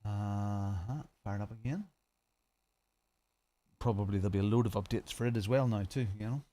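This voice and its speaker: A man's voice: on the low side, normal speed, warm tone. A man streaming sim racing live, chatting casually and thinking aloud with many restarts.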